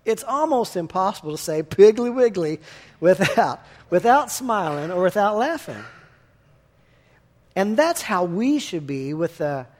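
A man with a fairly high voice delivers a sermon. He talks in a relaxed, folksy way, like he is chatting with the congregation rather than lecturing. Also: measured pace. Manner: folksy, conversational, chuckles while telling stories. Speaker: pastor.

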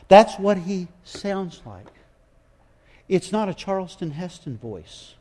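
A man's voice: sits high, a little mellow. A man preaching a sermon in an emphatic, folksy way, often repeating his phrases.

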